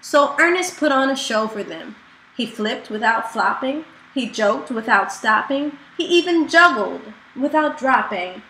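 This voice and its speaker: High-voiced woman reading a children's book. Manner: slow, expressive storytelling. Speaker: storyteller. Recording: echoey room with faint noise.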